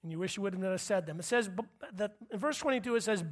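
A preacher in easygoing, chatty sermon mode who keeps checking in with the listeners. The voice sits at an ordinary middle pitch and shifts freely when acting out the people in the story. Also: very fast, hardly any pauses. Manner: conversational, checks in with the audience, acts out quotes.

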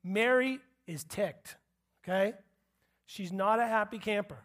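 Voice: mid-range voice, a little slow, fairly bright tone. A preacher giving a conversational sermon, often checking in with the listeners and acting out what people say. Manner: conversational, checks in with the audience, acts out quotes.

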